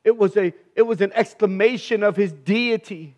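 High-voiced fervent male preacher. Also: moderate pace, darkish tone. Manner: fervent, emphatic, repeats phrases for stress. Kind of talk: sermon.

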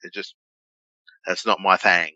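Deep, forceful man, lo-fi. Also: level tone, measured pace, no room sound. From Australia. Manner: blunt, swearing, joking. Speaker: podcast co-host. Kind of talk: casual chat.

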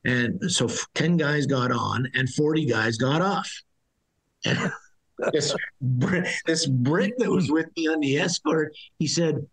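Gravelly, husky middle-aged man. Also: a little high, slow pace, rough recording. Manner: blunt, rambling, with frequent restarts. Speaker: interview guest, former soldier. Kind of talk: conversational storytelling.

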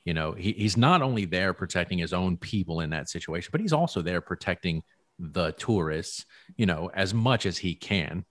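Male co-host, very deep voice, earnest and measured, dry room. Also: a bit bright, dry recording. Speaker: podcast co-host. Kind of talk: casual debate chat.

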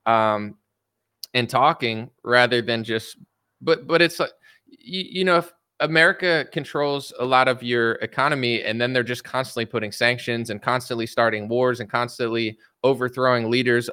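Man, opinion vlog commentary, rambling and fired up, bright edgy tone, dry close sound. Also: mid-range voice, steady tone, moderate pace, clean tone, no echo. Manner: rambling, opinionated, frequent "like" and "you know"; mocking quoted voices of media and politicians.

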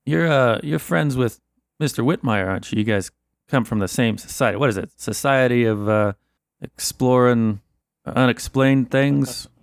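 Man doing a gruff, suspicious 1920s cop. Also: mid-range voice, normal speed, dry recording, studio quality, natural voice. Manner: gruff, plain-spoken, dismissive. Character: blunt suspicious male 1920s Boston cop. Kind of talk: tabletop role-play in character.

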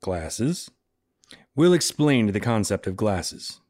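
Man reading a story, dry and steady. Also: lowish voice, normal speed, no echo. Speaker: reader.

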